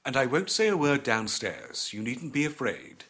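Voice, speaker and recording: A reserved gentleman guest in a storybook, read by a male narrator, speaking curtly in a low, restrained tone. His delivery is clipped and slightly embarrassed, and his voice sits in an everyday middle register. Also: sing-song, normal speed, slightly rough. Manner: curt, reserved.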